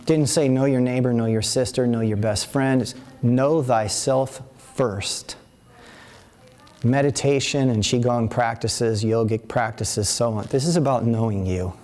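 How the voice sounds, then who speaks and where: A man's voice: medium pitch, steady tone, normal speed, few pauses, a little mellow, faint music behind. A man in his fifties teaching a live workshop, talking in a rambling, conversational way with many restarts and asides. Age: 50s. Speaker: qigong teacher leading a workshop. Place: events center before a live audience.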